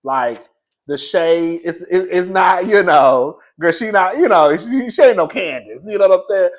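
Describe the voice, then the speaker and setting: A man's voice: sits high, animated, a little slow. Sassy, chatty man reviewing reality TV. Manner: sassy, chatty, laughs often, calls viewers "girl" and "baby". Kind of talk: casual commentary.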